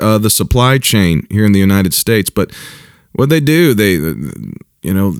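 A man, a pastor, giving casual spoken commentary, halting and repeating himself, chuckling now and then. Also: medium pitch, no room sound, studio quality. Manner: halting and repetitive, with chuckles and mocking mimicry.

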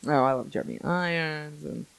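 A woman co-hosting a podcast in a casual chat, chatty and animated, often giggling. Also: low-pitched, a little fast, vocal fry, dry recording. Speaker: podcast co-host.

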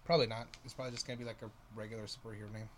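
A man's voice: fairly low pitch, level tone, rapid-fire, a bit bright, a little hiss or hum. A man co-hosting a podcast, easygoing and joking in rambling casual banter. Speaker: podcast co-host.

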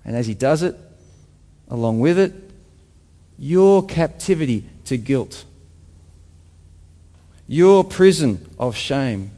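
A man preaching a sermon to a congregation, emphatic, with rhetorical questions and quieter reflective passages. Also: mid-range voice, long reverb tail. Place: church hall with congregation.

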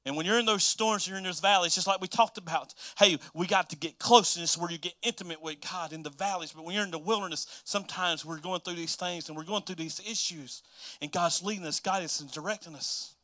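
High, bright-voiced preaching pastor. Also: male voice, fast talker. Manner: swings between hushed, soft delivery and loud, emphatic preaching; repetitive, rhythmic preaching phrases. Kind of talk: sermon.

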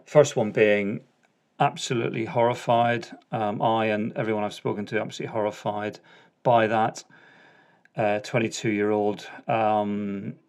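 On his casual solo podcast, this middle-aged host rambles chattily, correcting himself and restarting often amid frequent ums and uhs. He speaks a little slowly in a fairly low, slightly mellow voice with fairly even intonation.

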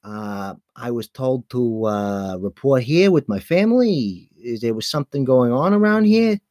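A man voicing a meek young husband in a tabletop game, halting and full of fillers. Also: medium pitch, expressive, darkish tone, dry recording, muffled recording, natural voice. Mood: unsure.

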